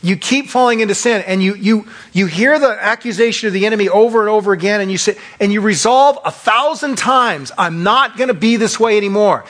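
A man preaching a sermon as pastor, acting out quick voices of the accuser and of self-righteous churchgoers. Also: high-pitched. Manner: acts out voices of Satan and churchgoers, animated.

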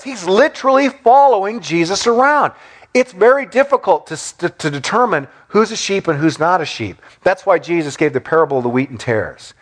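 A man preaching a sermon, asking rhetorical questions and acting out the lines he quotes in little voices. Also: a little high. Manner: acts out quoted speech in small voices. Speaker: pastor.

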